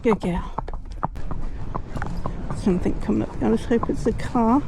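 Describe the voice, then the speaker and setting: A woman's voice: fairly high pitch, measured pace, creaky. A woman in her forties, chatting casually while riding her horse on a busy road, soothing the horse and thanking passing drivers. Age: 40s. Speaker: horse rider vlogger. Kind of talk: casual story-time chat while riding. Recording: muffled outdoor recording, traffic noise. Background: passing traffic.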